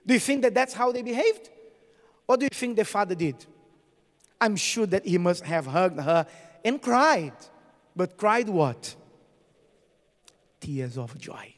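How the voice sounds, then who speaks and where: Bishop guy preaching, really high voice that swings up and down a lot, big church echo. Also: expressive, measured pace, long pauses. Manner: preaching with call-and-response questions. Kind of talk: sermon. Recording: church hall reverb.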